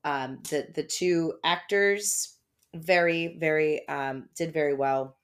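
A woman's voice: sits low, slow. A woman co-hosting a podcast at home, chatty and rambling, laughing often. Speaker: podcast co-host. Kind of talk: casual chat. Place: home by a fireplace.

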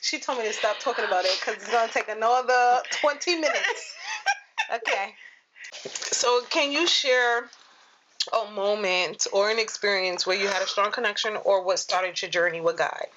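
A woman's voice: mid-range voice, moderate pace, dull audio, noisy background. A young woman with a New York accent, co-hosting a casual chat and acting out what strangers say. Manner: animated storytelling, acts out quoted strangers. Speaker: podcast co-host.

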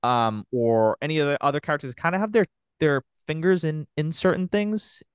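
Male podcast host, rambling fan chat, smooth and dry. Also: a little high, normal speed, no room sound. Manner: enthusiastic, rambling with many fillers. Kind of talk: casual chat.

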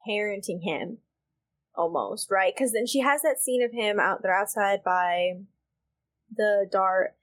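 A woman's voice: medium pitch, measured pace, a bit bright. Heated, emphatic woman podcast co-host. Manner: heated, emphatic, swears freely. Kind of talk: casual chat.

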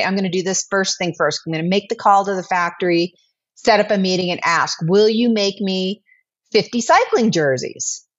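Woman in her 40s chatting away about her story, acts out the quotes, kinda dull lo-fi sound. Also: medium pitch. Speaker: guest, business owner. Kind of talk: casual storytelling interview.

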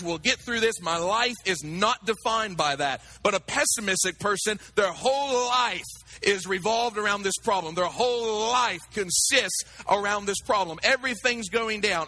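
A man preaching with a high, very bright, piercing voice. He talks straight to his congregation, animated and full of acted-out asides. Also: moderate pace. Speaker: pastor. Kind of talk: sermon.

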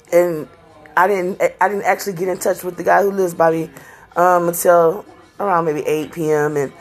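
Laughing, profane woman telling a story. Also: on the low side. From Texas. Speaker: vlogger. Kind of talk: casual storytelling monologue.

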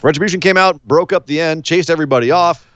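A man co-hosting a casual wrestling recap chat, animated and acting out scenes in silly voices. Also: a little high, fast, dry recording. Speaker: podcast co-host.

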